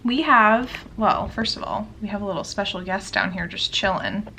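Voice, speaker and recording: A woman's voice: medium pitch, lively intonation, normal speed, over music. A young woman chatting casually in a reading vlog, bubbly and gushing, with lots of "like" fillers. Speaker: book vlogger.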